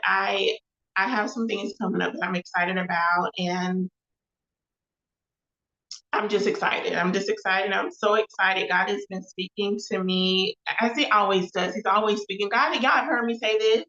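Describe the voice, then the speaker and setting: A woman's voice: mid-range voice, steady tone, normal speed, bright, forceful tone. A woman hosting a casual live show, chatty and repetitive, often calling her viewers y'all. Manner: chatty, repeats phrases, addresses viewers as y'all. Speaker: host of a live show and podcast. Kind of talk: casual livestream talk with faith references. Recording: echoey, slightly dull livestream audio.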